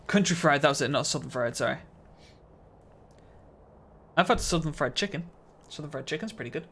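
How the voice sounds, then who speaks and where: A man's voice: fairly high pitch, lively intonation, a little fast, bright, forceful tone, a little hiss or hum. A man streaming a video game live, chatting casually with his viewers in a laid-back, slightly mumbly way and chuckling often.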